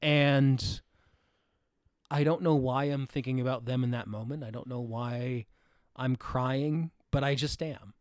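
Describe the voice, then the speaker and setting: Man, podcast co-host, halting and reflective, mid-range voice. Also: mid-range voice, fairly even intonation, dry recording, clean studio sound. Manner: halting and reflective, searching for words. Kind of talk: casual film discussion.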